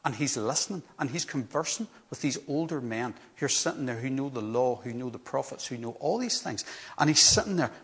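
A middle-aged man delivers a sermon to his congregation. He speaks at a mid-range pitch, telling the story in an earnest, animated way and leaning on repeated words for emphasis. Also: brisk. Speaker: preacher.

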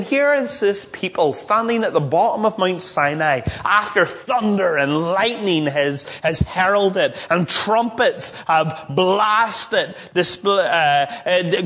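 A man's voice: high voice, a bit bright. A man preaching a sermon, reading scripture aloud and explaining it with emphatic rises and frequent restarts. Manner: expository, with emphatic rising peaks and restarts.

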